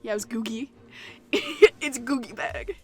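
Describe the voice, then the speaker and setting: A woman's voice: a little high, measured pace. A young woman hosting a gaming channel who reads a visual novel aloud, giggling, swearing and joking between lines.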